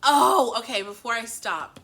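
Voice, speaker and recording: A woman's voice: a little high, lively intonation, a little slow, a bit bright. A woman chatting casually as a book reviewer, rambling and breaking off mid-sentence, often laughing. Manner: rambling, chatty, self-interrupting; laughs easily. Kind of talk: casual chat.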